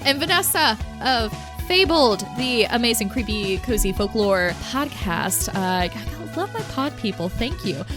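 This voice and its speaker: A woman's voice: a little high, big pitch swings, unhurried, music in the background. Rambling, self-questioning woman podcaster. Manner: bubbly and gushing in thanks. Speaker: podcast host. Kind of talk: casual solo podcast monologue.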